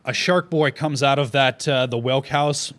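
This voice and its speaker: Male game master, mid-pitched, loose rambling narration, tabletop session. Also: normal speed, a bit bright. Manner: rambling, with many fillers and restarts.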